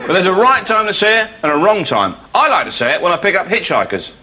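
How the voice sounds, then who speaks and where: A man performing a stand-up comedy routine on a stage, telling wry stories with animated asides. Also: high voice, fast, background noise. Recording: live club set with loud audience.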